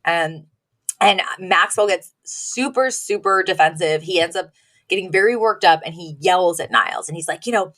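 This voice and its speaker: A woman's voice: on the low side, normal speed, a bit bright. A woman co-hosting a podcast, recapping a sitcom episode in a chatty way, laughing often and acting out quotes from the characters. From Washington, D.C. area. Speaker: podcast co-host. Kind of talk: casual recap chat.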